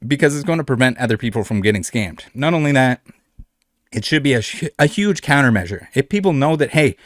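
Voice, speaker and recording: A man's voice: medium pitch, lively intonation, brisk, dry recording. Blunt, indignant man in a dry recording. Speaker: channel host. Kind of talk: reaction commentary.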